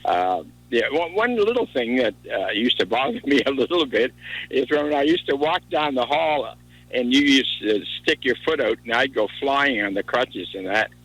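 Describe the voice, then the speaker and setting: A man calling into a radio show to thank the host, teasing and halting. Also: mid-range voice, expressive, a bit bright, slightly rough, rough recording. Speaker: caller, former colleague. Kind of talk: phone-in tribute on radio.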